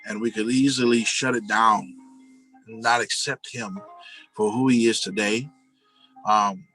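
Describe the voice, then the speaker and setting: A man's voice: on the low side, steady tone, a little slow, sharp tone, soft background music, poor audio. A married man telling personal stories in a casual, earnest, rambling monologue, often saying "you know" and calling his listeners "guys". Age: adult, married with a family.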